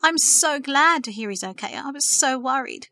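A woman's voice: fairly high pitch, a little fast, a bit bright, close to an everyday voice. A woman doing an anxious, earnest young girl.

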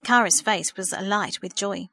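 A woman's voice: medium pitch, gravelly, no room sound. Woman narrating a storybook, dry and close. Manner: steady, measured reading. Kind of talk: audiobook narration.

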